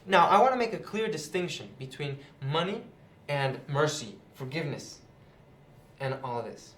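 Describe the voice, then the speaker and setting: A man's voice: a little high, expressive, moderate pace, fairly bright tone, slight background noise. A young man retelling a Bible parable in a chatty, casual way, seated indoors. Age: young adult. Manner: chatty, with many fillers like "you know" and "right". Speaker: youth Bible teacher, channel host. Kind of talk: casual Bible lesson to camera. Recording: roomy echo.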